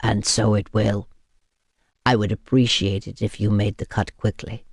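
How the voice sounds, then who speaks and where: A woman voicing a calm, ancient male vampire who speaks slowly, low and hushed. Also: husky, dry recording, studio quality, full character voice. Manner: slow, low and hushed, patient.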